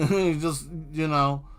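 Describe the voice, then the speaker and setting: A man's voice: medium pitch, pushed and bright. A man chatting casually on a live stream while he draws, rambling and riffing on jokes. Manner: rambling, joking riffs. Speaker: streaming artist.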